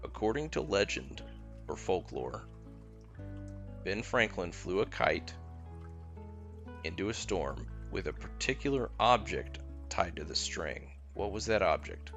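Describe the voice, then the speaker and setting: Texan man, low gravelly voice, relaxed call-in host with faint music underneath. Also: a little slow, long pauses. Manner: laid-back, joking, chummy with callers. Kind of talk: casual call-in chat.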